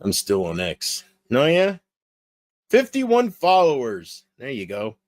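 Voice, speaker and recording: A man's voice: medium pitch, wildly swooping pitch, unhurried, dry recording. A man streaming late at night, reading chat and rambling crudely with lots of swearing. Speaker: livestreamer.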